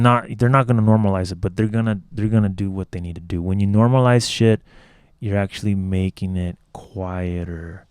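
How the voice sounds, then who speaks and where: A man with a low voice gives a loose, rambling mixing tutorial from his home studio. He swears casually as he talks through settings. The sound is dry and close, with no room echo. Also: darkish tone, clear, resonant tone. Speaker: music producer teaching mixing.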